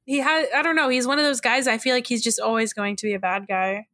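A woman co-hosts a casual movie podcast, talking in an animated way with frequent laughter and easy swearing. Her voice is bright and a little high, and the sound is dry and close to the mic. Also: fast talker, no echo. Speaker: podcast co-host.

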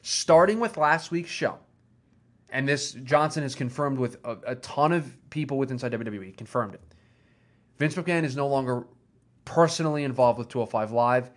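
A man's voice: mid-range voice, moderate pace. A man hosting a casual chat show, talking enthusiastically and rambling, with restarts as he goes. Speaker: podcast host.

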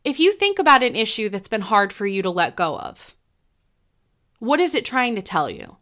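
A middle-aged woman hosting a podcast, talking gently and earnestly in a reflective monologue, thinking aloud with frequent restarts. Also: medium pitch, very animated, moderate pace. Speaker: podcast host.

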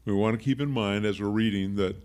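A man's voice: fairly low pitch, fairly quick, darkish tone. A man preaching a conversational sermon as a pastor, explaining word meanings with friendly asides.

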